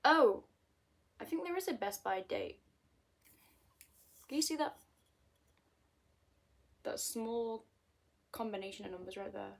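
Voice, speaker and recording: A woman's voice: on the high side, animated, a little slow, creaky, pauses often. A woman in her twenties with a British accent, chatting casually and self-mockingly to camera from her bedroom, hopping between topics. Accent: British English. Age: 20s. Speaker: vlogger.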